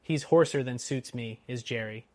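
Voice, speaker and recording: A man voicing a gruff, watchful coach guard who barks out challenges and warnings. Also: medium pitch, moderate pace, no echo, close to an everyday voice. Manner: gruff, bellowing commands.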